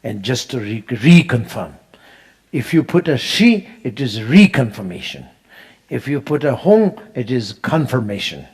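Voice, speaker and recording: A man, teaching how to pronounce mantras in an unhurried, laughing way, chanting them as he goes. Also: mid-range voice, big pitch swings, darkish tone, husky. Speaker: Buddhist teacher. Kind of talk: dharma teaching on mantra pronunciation.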